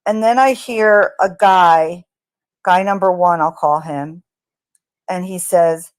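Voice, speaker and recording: A woman casually narrating what she hears in a recording, halting often with ums and restarts. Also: fairly low pitch, dry recording. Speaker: true crime commentator. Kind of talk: casual narration of audio analysis.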